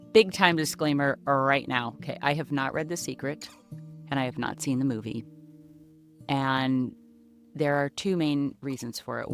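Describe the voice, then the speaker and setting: A woman hosting her own podcast alone, chatting casually in a goofy, self-mocking way, recorded in a small closet. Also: low-pitched. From United States. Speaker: podcast host and comedian. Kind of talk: casual solo podcast chat.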